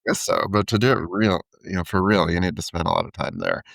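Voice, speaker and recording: A deep man with a gravelly, creaky voice who picks his words slowly in a relaxed chat with his co-host, often stopping to restart them. The sound is dry and close, with no room around it. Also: dry recording. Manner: hesitant, restarts words, thoughtful. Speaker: podcast co-host. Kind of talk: casual chat.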